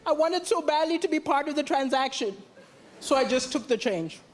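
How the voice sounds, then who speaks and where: Comic with a high, wry voice. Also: male voice, lively intonation, normal speed. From Malawi. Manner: wry, self-mocking storytelling. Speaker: stand-up comedian. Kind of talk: stand-up comedy set. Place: comedy stage before audience. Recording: live stage with loud audience.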